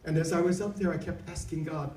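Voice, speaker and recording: Middle-aged male reverend, earnest testimony speaker, slightly high voice, roomy distant banquet-hall sound. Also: steady tone, quick pace, darkish tone. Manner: earnest, heartfelt storytelling. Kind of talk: personal testimony speech at a dinner. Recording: echoey hall, mic far off.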